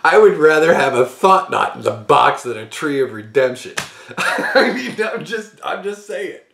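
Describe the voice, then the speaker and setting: A man's voice: on the high side, very animated, measured pace, gravelly, fairly bright tone, reverberant, slight background noise. A man hosting a card-opening channel, giving his opinion in a casual, rambling way, breaking into laughter often and restarting his sentences.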